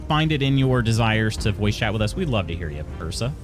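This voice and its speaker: A man in his thirties with heavy vocal fry, casually chatting with his live-stream audience, laughing often and restarting his sentences. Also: fairly low pitch, big pitch swings, fairly quick, music in the background. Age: 30s. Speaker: streamer reading chat.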